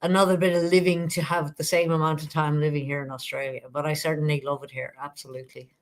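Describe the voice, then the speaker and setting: A middle-aged Irish woman talks as an interview guest, relaxed and a little hesitant, pausing with fillers as she gathers her thoughts. Her voice sits a touch low for a woman. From Ireland. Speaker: guest, psychologist. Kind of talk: casual interview conversation.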